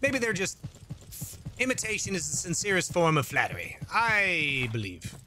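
Lively high-voiced swearing gamer man. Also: brisk, a little hiss or hum. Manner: rambling, swearing, jokey asides, reads chat aloud. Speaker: gaming YouTuber. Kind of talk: casual let's-play commentary. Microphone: desk microphone.

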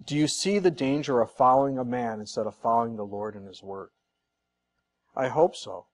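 A man's voice: mid-range voice, moderate pace. A man preaching a sermon as pastor, earnest and conversational, repeating points for emphasis with casual asides.

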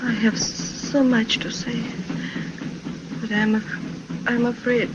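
A woman's voice: a little high, little pitch movement, takes it slowly, highs cut off, heavy background noise. An actress playing Nana, a fragile young woman who pleads in a tremulous, breathless way, in 1930s film acting on an old soundtrack. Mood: fading.

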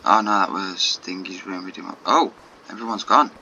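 A man casually narrating his game as he plays, muttering asides and questions. His voice is a little low yet bright and forceful. The mic sounds dull and lo-fi with a faint noise floor. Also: normal speed. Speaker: gaming channel host. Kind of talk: let's play commentary.

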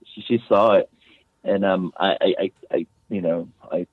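A guest author with a deep, steady voice talks a little slowly as he tells a personal story, rambling, restarting frequently and filling gaps with "you know" and "man." It's casual storytelling, dry-sounding, over a phone-like remote line.

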